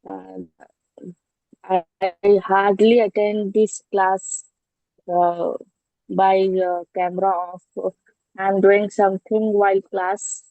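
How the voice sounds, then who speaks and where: A woman learning English, talking in an online class with many pauses and restarts. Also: medium pitch, little pitch movement, mellow, dry recording, low-quality recording. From India. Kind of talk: English speaking practice. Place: at home. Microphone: online class audio.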